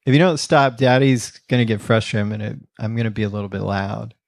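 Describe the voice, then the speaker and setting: A man's voice: on the low side, fairly even intonation, quick pace, creaky, no room sound, clean studio sound. A man voicing a tired young father who speaks patiently but firmly to his small daughter. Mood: weary.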